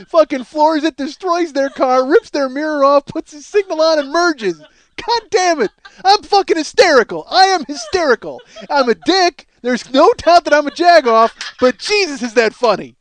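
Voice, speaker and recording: A man with a strikingly high voice tells a comic road-rage tale as a podcast host. He rambles, swears constantly and laughs at his own bad behavior in a self-mocking way. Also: lively intonation, moderate pace. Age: 40s. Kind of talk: comedic storytelling monologue.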